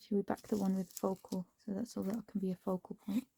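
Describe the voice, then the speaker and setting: A woman's voice: medium pitch, flat delivery, quick pace, creaky, mellow, husky. A woman chatting to herself as she crafts, often dropping into a whisper. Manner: chatty, talks to herself while working, drops into whispers. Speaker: crafting vlogger. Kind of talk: casual crafting commentary.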